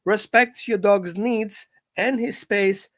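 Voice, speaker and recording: A dog trainer giving an informal live-stream lesson from home, talking in an animated, conversational coaching way. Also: medium pitch, slow pace, dry recording, studio quality.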